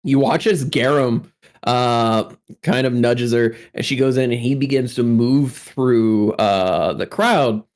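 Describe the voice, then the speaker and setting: A man's voice: mid-range voice, slow pace, a little mellow. A man running a tabletop game as game master, narrating loosely with many fillers.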